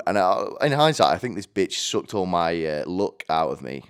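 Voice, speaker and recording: A man's voice: low-pitched, expressive, normal speed, few pauses, clear, resonant tone. A man in his twenties with a British accent, telling a story in a rambling, self-mocking monologue full of coarse slang. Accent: British English. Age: 20s. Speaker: podcast host.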